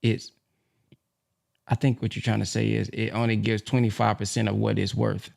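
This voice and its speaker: A man hosting a phone-in study call, animated and exclaiming often. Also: on the low side, normal speed, vocal fry. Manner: animated, exclaims often, slips into skits of a pawnbroker. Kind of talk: casual call-in discussion.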